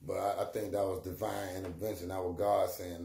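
A man's voice: sits low, flat delivery, a little fast, creaky, warm tone. A middle-aged man, a rapper, telling stories about his career in casual street slang, acting out the voices of the people he quotes. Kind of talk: casual storytelling. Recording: echoey room with faint ambient noise.

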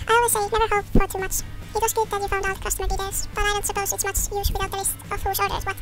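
A woman reading a fretful village woman's game dialogue aloud in a squeaky put-on voice, with game music under her. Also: monotone, very fast. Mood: grudging.

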